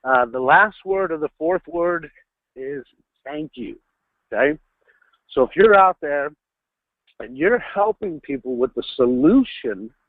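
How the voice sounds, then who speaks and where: A man's voice: fairly high pitch, dry recording. Man, sales trainer, emphatic coaching delivery, phone-quality webinar audio. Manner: instructive, coaching, emphatic on key words. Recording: tinny phone-line webinar audio, dry.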